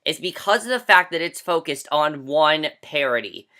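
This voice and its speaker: Bright-voiced young man ranting. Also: fairly high pitch, lively intonation, moderate pace, clean tone. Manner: emphatic and exasperated, heavy use of "like". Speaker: movie reviewer. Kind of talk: casual ranting movie review.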